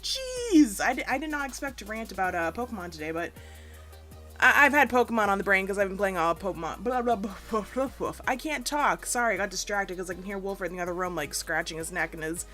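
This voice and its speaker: A young woman chatting casually over a game speed build, rambling and self-deprecating, with sudden playful asides. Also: quick pace. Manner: rambling, self-deprecating, bursts into squeaky silly voices. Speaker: gaming YouTuber. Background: soft background music.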